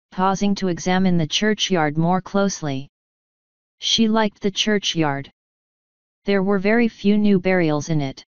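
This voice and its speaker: A woman narrating an audiobook in a measured, even reading voice. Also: on the low side, smooth, dry recording. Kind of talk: scripted narration. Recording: dull lo-fi dry recording.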